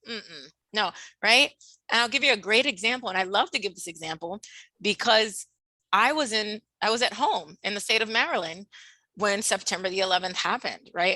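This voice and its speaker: A woman presenting a workshop over a video call, with a bright, clear voice in a dry, close sound. She talks expressively, acts out what people said, and laughs often. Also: medium pitch, no echo, low-quality recording. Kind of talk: animated webinar talk.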